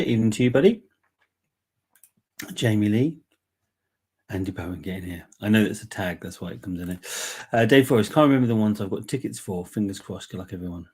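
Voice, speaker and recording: A man chatting his way through a live whisky giveaway, relaxed and rambling with frequent ums. His voice sits a little low and sounds husky and congested, as if he's still bunged up. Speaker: whisky giveaway livestream host. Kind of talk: casual live chat.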